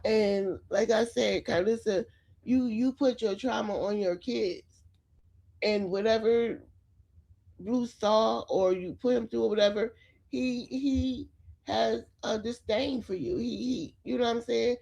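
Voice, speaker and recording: A commentary vlogger talks straight to her viewers, offering chatty, opinionated celebrity gossip. Her voice is a little high and warm, with vocal fry, at a measured pace. The recording is muffled.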